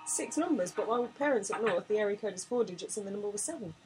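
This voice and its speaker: A woman's voice: mid-range voice, animated, fast, darkish tone, a little hiss or hum, low-quality recording. Giggly woman on a film commentary. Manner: giggly, teasing. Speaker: commentary co-host.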